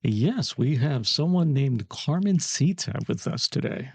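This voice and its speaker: A man co-hosting a podcast, explaining things in a steady, casual way. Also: mid-range voice, unhurried, slightly rough, no room sound. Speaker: podcast co-host. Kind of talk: casual chat.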